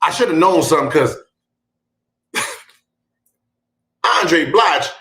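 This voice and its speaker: A man hosting a podcast, telling a comic story with bursts of laughter, shouted punchlines and mouthed sound effects. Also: fairly high pitch, animated, slow pace, roomy sound. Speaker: podcast host. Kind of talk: comedic storytelling.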